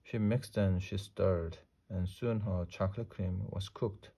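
Deep, mellow male storybook reader, slow and deliberate. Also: fairly even intonation, creaky, husky. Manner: slow, deliberate reading with small slips. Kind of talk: read-aloud storybook narration.

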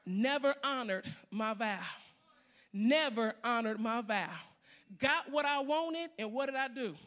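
A woman preacher delivers a sermon with a bright, forceful voice, hammering phrases again and again. Her delivery builds from conversational asides into loud, emphatic calls. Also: a little high, measured pace.

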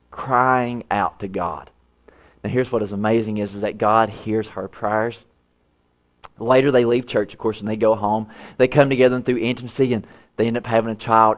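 A man preaching a sermon, voice rising high when he acts out prayers and dropping low and soft for quiet lines. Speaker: pastor.

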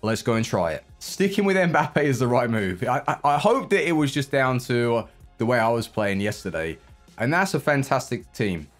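A young man giving live commentary on his own football video game match, reacting out loud to every play. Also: mid-range voice, sing-song, normal speed, faint music behind. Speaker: gaming YouTuber.

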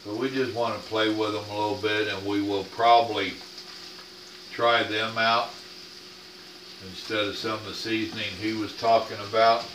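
A man's voice: on the low side, level tone, moderate pace, noisy background. Rambling folksy older man in a roomy kitchen. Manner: rambling, folksy, plain-spoken. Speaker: cooking channel host. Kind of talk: casual cooking vlog chat. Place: home kitchen. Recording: roomy kitchen sound, camera off at a distance.

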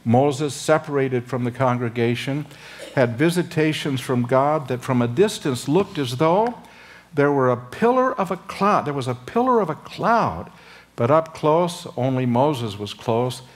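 Slow, lively older man preaching. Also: mid-range voice. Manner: slow and deliberate, with frequent uh and um, voice lifting for emphasis; acts out dialogue between Moses and God. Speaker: seminary professor. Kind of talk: expository chapel sermon.

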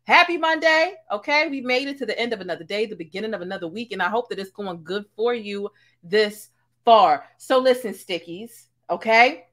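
A woman's voice: medium pitch, normal speed, fairly bright tone. A woman hosting a casual live-stream commentary, talking to viewers in an emphatic, slangy way. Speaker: host of a commentary livestream.

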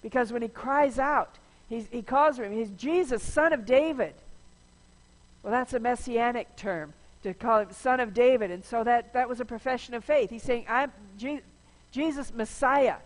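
A woman pastor with a fairly high-pitched voice speaks at normal speed, giving a chatty, informal, conversational sermon with frequent restarts. She's in a large church sanctuary, and the recording has a long church reverb.

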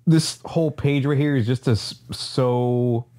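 Laid-back guy with a warm low-key voice, thinking out loud about the comic. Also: fairly even intonation, measured pace. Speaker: podcast co-host. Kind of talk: casual chat.

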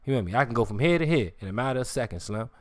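A man's voice: medium pitch, animated, racing. A man on a live stream, ranting in a heated, profane and confrontational way, repeating himself and pressing his listeners with questions. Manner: insistent, keeps asking "you hear me". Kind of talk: heated livestream rant.

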